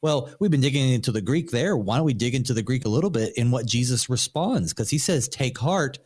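A man's voice: mid-range voice, expressive, fast talker, a little mellow, breathy edge. A male pastor in a mid-range voice discusses scripture with a colleague. He speaks casually and conversationally. He often agrees and moves the talk on to the next question. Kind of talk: Bible study discussion.

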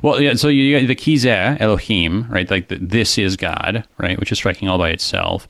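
Deep-voiced man musing on scripture. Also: expressive, a little fast, vocal fry, fairly bright tone, dry recording. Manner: thoughtful, many fillers and restarts. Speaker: co-host discussing a psalm. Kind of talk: casual theological discussion.

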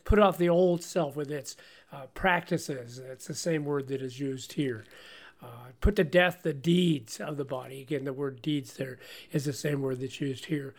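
A man co-hosting a Bible-study radio show, teaching in an animated way with frequent laughs and stumbling restarts. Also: mid-range voice, moderate pace.

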